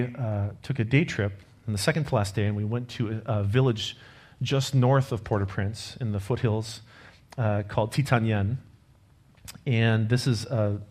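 A man preaching a sermon, telling a personal story in an earnest, conversational way and closing with a prayer. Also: on the low side. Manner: closes in quiet prayer.

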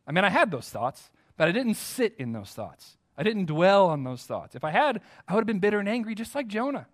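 American guy preaching, kinda high voice, earnest, keeps asking the crowd questions. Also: very animated, fast, few pauses. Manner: earnest, emphatic preaching with direct questions to the congregation. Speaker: pastor. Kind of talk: sermon.

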